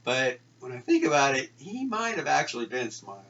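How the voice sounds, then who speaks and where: A middle-aged man spins a personal tale in a bright, forceful voice. His talk is loose and chatty, full of fillers, and he acts out each character's lines. The sound is dull and comes from a mic set some way off. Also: mid-range voice, big pitch swings, brisk, far from the mic. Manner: conversational, lots of fillers, acts out the dialogue. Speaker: storyteller. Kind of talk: live personal storytelling.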